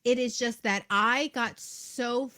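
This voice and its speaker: A woman co-hosting a podcast, telling a story in an earnest, heartfelt way with halting restarts. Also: a little high, pushed and bright. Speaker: podcast co-host. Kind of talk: casual podcast chat.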